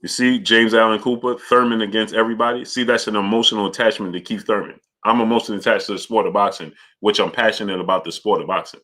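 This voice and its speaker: A man hosting a live boxing stream, greeting viewers by name and arguing his points forcefully. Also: fairly low pitch, steady tone, fast talker, few pauses. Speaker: boxing channel host. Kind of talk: live-stream chat and commentary.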